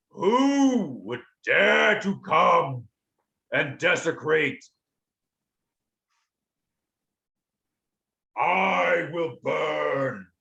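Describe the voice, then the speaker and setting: A man voicing a huge, wrathful, ancient male dragon who speaks in slow, menacing booms. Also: vocal fry, a bit bright, muffled recording, heavily acted. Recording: roomy echo.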